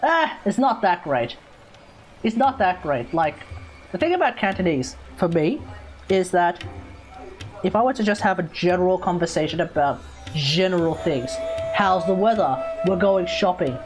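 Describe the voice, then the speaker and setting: A woman's voice: on the low side, lively intonation, normal speed. An Australian woman streaming games, chatting casually and rambling, often correcting herself. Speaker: gaming streamer. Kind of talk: casual live stream chat. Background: background music.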